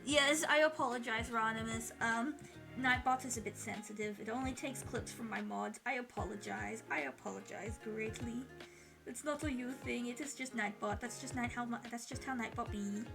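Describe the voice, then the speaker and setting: A young woman streamer chatting casually with her viewers while drawing, excitable and chatty, swearing freely. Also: on the high side, moderate pace, creaky, music in the background.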